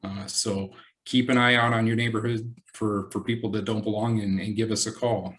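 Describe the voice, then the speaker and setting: Fairly low-voiced police guy on a video call, halting, lots of uhs, community update. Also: level tone, a bit bright, poor audio. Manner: halting, many fillers and restarts. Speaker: police representative. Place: virtual meeting.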